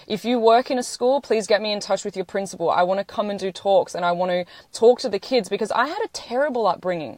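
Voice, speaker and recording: Speaking fast with hardly a pause, a thirtysomething livestreamer pours out an emotional monologue, blunt, profane and near tears. Her voice is medium in pitch with a darkish tone, and the close phone recording is dry without echo.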